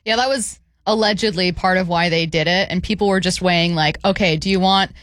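A woman's voice: lowish voice, fairly quick, a bit bright, dry recording. Woman sports radio host, dry studio. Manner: conversational, asks questions with fillers. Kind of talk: casual sports radio chat.

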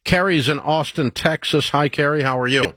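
A man hosting a radio call-in advice show, talking to callers in a brisk, direct way. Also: a little high, fairly bright tone, dry recording. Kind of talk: casual call-in advice talk. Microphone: studio microphone. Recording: dry studio with faint music.

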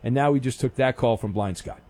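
A man's voice: medium pitch, a little fast, a little mellow, dry recording. A male radio talk show host, sarcastic and rambling with lots of fillers, taking calls in a studio. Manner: sarcastic, mock-stern, rambling with many fillers. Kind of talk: casual call-in radio talk. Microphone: studio mic.

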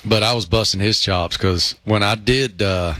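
A man who is a guest on a sports talk show, telling animated anecdotes with many fillers. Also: lowish voice, moderate pace, no room sound. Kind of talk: casual sports chat.

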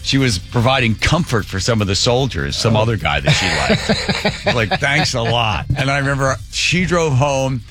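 A man's voice: mid-range voice, lively intonation, normal speed, fairly bright tone. A male radio talk show host chatting casually and telling rambling, joking stories. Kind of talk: casual on-air chat, storytelling.

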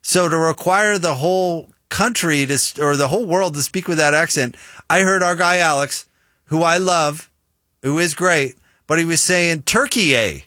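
Male radio host, Utah accent, bright tone, talkative and animated. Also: fairly high pitch, moderate pace, no echo, studio quality. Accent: Utah, American. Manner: chatty, animated when arguing a point. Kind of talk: casual radio banter.

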